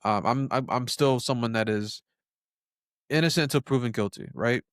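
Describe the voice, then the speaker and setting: A man's voice: mid-range voice, normal speed, dry recording, clean studio sound. Opinionated man giving casual commentary. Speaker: commentary host. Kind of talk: reaction commentary.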